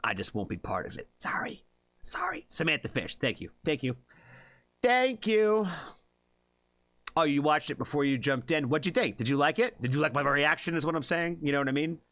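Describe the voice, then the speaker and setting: A man's voice: on the high side, quick pace, hardly any pauses, fairly bright tone, dry recording. A man from the United States hosting a music reaction stream, chatting casually with viewers in a rambling way with lots of fillers. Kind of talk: casual live-stream chat.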